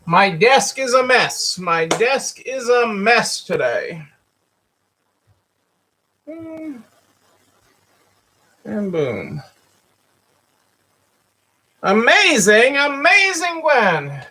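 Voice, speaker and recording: A man's voice: very high voice, huge pitch swings, extremely slow, long pauses, bright, forceful tone, rough recording. A man hosting a casual live stream for store owners, who greets viewers by name and repeats his phrases. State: hiccups. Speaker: livestream host for store owners.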